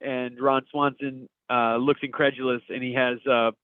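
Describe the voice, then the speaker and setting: A man's voice: mid-range voice, level tone, moderate pace, clear, resonant tone, no echo. Upbeat man on tinny podcast audio. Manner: upbeat, laughing. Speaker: podcast co-host. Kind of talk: casual chat reading memes aloud. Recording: tinny phone-like dry audio.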